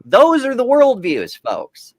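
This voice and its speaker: Animated, swearing man on a podcast panel. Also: very high voice, takes it slowly, no echo. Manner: profane, animated storytelling. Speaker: podcast co-host. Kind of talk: casual panel chat.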